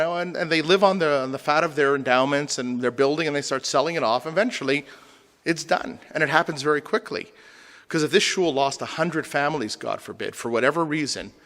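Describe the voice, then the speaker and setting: A man's voice: a little high, a bit bright. A man, a rabbi, lecturing a congregation with humor and rhetorical questions. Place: synagogue hall. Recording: long hall reverb.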